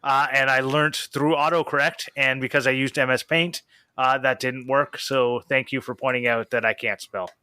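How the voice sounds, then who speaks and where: A man's voice: medium pitch, steady tone, normal speed, pushed and bright, clear, resonant tone, no echo. A young man hosting a casual podcast chat, rambling a little as he reads out listener questions. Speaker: podcast host.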